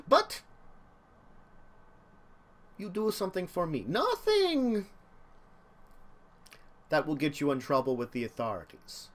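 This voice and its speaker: A game master voicing an aging crime boss with an attempted Spanish accent, courtly and deliberate. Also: male voice, a little high, heavily acted. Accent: attempted Spanish accent, admittedly poor. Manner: courtly, slow and deliberate, with drawn-out pauses. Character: aging male crime boss, smooth and scheming.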